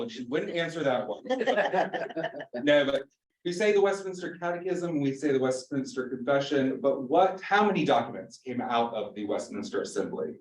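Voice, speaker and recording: A man's voice: a little high, lively intonation, moderate pace. A man, a pastor teaching an adult church class in a joking, chatty way and quizzing the audience. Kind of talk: informal church class lecture. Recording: roomy room, mic at a distance.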